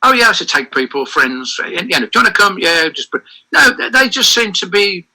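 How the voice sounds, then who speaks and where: A man's voice: sits high, big pitch swings, fairly quick, bright, forceful tone, rough recording. An older man, giving an interview as a guest and telling long anecdotes with many restarts and self-corrections. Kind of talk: reminiscing interview over a call.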